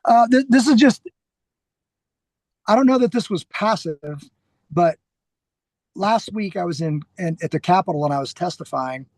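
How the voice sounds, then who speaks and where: A middle-aged security trainer with a high, gravelly voice shares animated stories as a podcast guest at a moderate pace, leaving long pauses. He acts out what people said and keeps restarting sentences, captured in dry, close sound without room echo.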